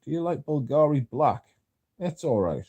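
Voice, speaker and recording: Guy on a livestream reading out chat, deadpan and sardonic, warm low-key voice, no room echo. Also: normal speed, husky, dull audio. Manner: dry, sardonic banter with chat. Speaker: livestream host. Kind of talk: casual livestream chat, reading viewer comments aloud.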